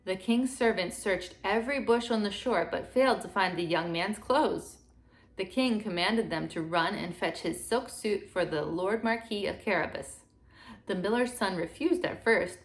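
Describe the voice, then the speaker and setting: A woman gently reading a fairy tale aloud to children in a steady storytelling manner. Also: fairly low pitch.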